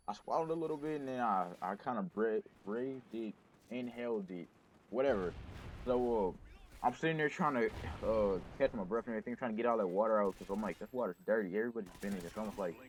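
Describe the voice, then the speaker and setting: A man's voice: fairly low pitch, slight background noise. A young man hosting a gaming channel, casually telling a rambling personal story with lots of restarts and self-corrections.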